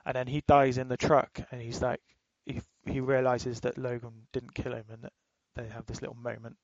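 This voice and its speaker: Casting note: man, podcast co-host, loose swearing chatter, flat tone, dry close sound. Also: medium pitch, normal speed, no echo, highs cut off. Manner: rambling, swears freely, laughs while retelling. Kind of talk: casual chat.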